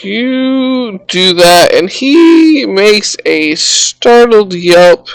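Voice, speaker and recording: A woman running a tabletop game as game master, narrating slowly with many pauses and fillers. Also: mid-range voice, lively intonation, clean tone, no echo. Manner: slow, halting, many fillers.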